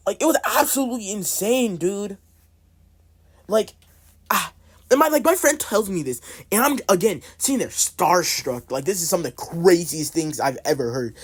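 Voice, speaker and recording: A man's voice: high voice, expressive, unhurried, slightly rough. A young man telling a story from school in a casual, slangy way, full of fillers.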